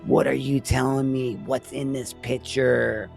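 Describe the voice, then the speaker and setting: A stern, angry father barks orders at his son, as a man voices him. The delivery is slow and gravelly. Faint music plays underneath. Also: mid-range voice, flat delivery.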